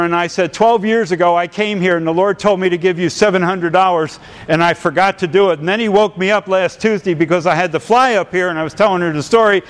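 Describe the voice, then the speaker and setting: A man preaching, telling a personal story with animation and building into fervent exhortation. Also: high-pitched. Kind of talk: sermon with storytelling. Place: church sanctuary. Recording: long hall reverb.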